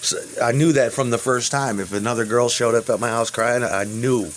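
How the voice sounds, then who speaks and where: A man in his fifties telling rambling personal stories, profane and halting, with restarts. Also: medium pitch, fairly even intonation, a little hiss or hum. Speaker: interviewee.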